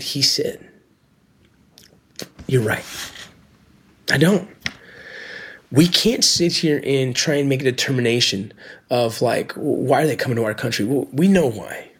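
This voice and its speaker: A middle-aged man, a former Border Patrol agent, telling his own story in an earnest, reflective way, with pauses and restarts. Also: mid-range voice, husky. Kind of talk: personal storytelling.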